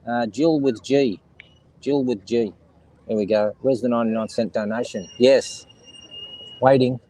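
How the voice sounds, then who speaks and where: Unhurried and fairly even in intonation, the mid-range voice of a middle-aged Australian man sounds mellow as he jokes and rambles to his chat. He's outside by the seaside with kids and seagulls about. The low-quality recording has a little hiss or hum.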